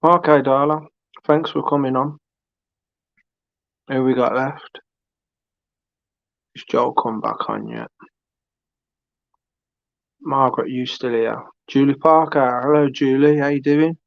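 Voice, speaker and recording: A man hosts a live stream in an unhurried, rambling way, calling out to viewers as he chats. His voice is dry and close, with no room around it. The stream audio sounds dull and lo-fi. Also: mid-range voice, very animated, gravelly, dry recording. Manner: chatty, rambling, addresses viewers by name. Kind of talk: casual live-stream chat.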